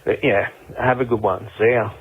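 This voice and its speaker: A man's voice: on the low side, steady tone, moderate pace, husky. Australian man on a phone voicemail. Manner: enthusiastic, upbeat. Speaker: caller leaving a voicemail. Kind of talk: voicemail message. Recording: tinny phone line.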